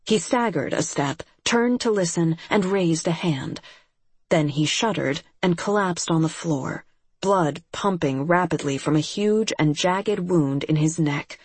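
Husky, measured audiobook narrator. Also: medium pitch, a little mellow, no room sound. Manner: measured storytelling. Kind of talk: scripted first-person narration.

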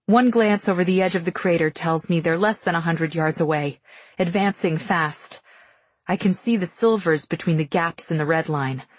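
A woman's voice: on the low side, moderate pace, no echo. A woman reading an audiobook in tense first-person narration.

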